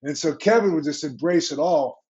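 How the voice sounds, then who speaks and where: An older man with a Pittsburgh accent tells stories as an interview guest, his voice fairly high for a man. He acts out old exchanges with energy. The sound is dull and a bit lo-fi. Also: normal speed. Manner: animated anecdotes, acts out quoted exchanges. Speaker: guest, former football coach. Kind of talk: storytelling interview.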